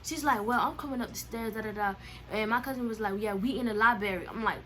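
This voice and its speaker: A young woman tells a casual storytime with a bright, sharp voice that sits a little high. She talks in heavy slang and jumps into the other people's lines, getting louder and higher when she acts them out. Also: fast, slight background noise. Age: young adult. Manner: animated, slangy, acts out quotes with swings in pitch and loudness. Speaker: storyteller vlogger.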